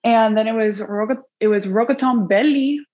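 A woman's voice: fairly high pitch, normal speed, dull audio. A woman co-hosting a podcast in casual chat, playful, dramatic and fond of swearing. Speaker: podcast co-host.

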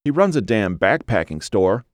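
A man's voice: fairly low pitch, big pitch swings, normal speed, no room sound, studio quality. A man voicing a crude, sarcastic male hiker in an audiobook, blunt and cursing. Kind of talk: audiobook character voice.

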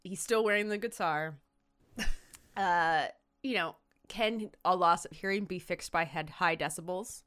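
A woman's voice: on the low side, a little slow, clear, resonant tone. A woman co-hosting a podcast, retelling a TV episode in casual chat and acting out the quotes. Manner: animated storyteller acting out quotes. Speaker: podcast co-host.

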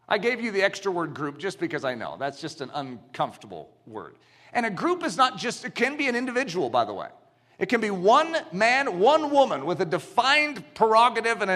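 Man, sermon, high voice, lively swooping pitch, emphatic. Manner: animated storytelling, builds to emphatic shouts. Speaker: pastor.

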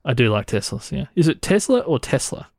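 A man's voice: medium pitch, fast, creaky, darkish tone, no room sound, studio quality. Laid-back man co-hosting. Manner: laid-back, jokey, breaks into laughter. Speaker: podcast co-host. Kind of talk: casual chat.

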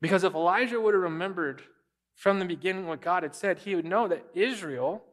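A man preaching a sermon, telling a Bible story in a lively, conversational way and acting out quoted voices. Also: sits high, a little fast. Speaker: pastor.

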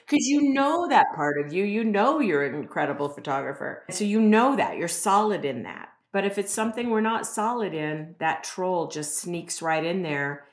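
A woman's voice: on the low side, big pitch swings, moderate pace, few pauses. A woman guest speaking as an expert on a podcast, explaining earnestly and often checking in with "right?" and "you know". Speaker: guest expert on self-esteem. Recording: roomy echo.

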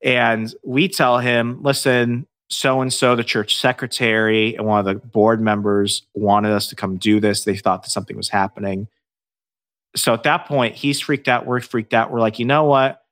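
A man's voice: medium pitch, normal speed. A man telling a ghost-hunting story in casual podcast chat, swearing freely and acting out what everyone said. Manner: profane, animated storyteller acting out dialogue. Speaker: podcast guest, paranormal investigator.

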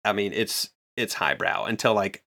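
A man's voice: on the low side, animated, normal speed, sharp tone. A man chatting casually on a podcast, retelling manga scenes with enthusiasm and rambling asides. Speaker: podcast co-host. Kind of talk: casual chat recapping a manga.

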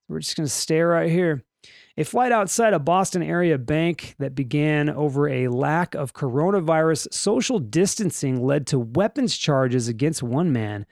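Male podcast host, slightly high voice, dry close sound, chatty and joking, rambles off topic. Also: expressive, moderate pace, creaky, darkish tone, no echo. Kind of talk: casual news podcast chat.

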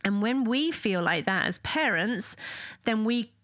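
A woman's voice: a little high, lively intonation, a little slow, fairly bright tone, no echo, clean studio sound. A woman hosting a parenting show, chatting casually to listeners, asking tag questions and acting out what parents say. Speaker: parenting podcast host. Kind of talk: casual solo talk to listeners.

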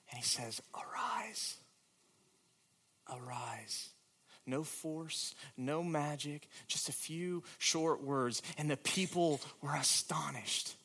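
A man preaching a sermon with a dramatic delivery that moves between hushed, quiet moments and emphatic, louder questions. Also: on the high side. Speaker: pastor.

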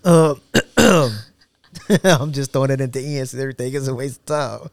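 A man's voice: medium pitch, normal speed, vocal fry, smooth, no room sound. A man co-hosting a casual podcast, joking and slangy, talking into a studio mic. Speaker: podcast co-host.

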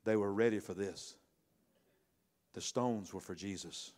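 Middle-aged preacher, man, chatty sermon voice, loud peaks and quiet asides. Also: lowish voice, measured pace. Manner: conversational preaching, swings between loud bursts and hushed asides. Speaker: pastor.

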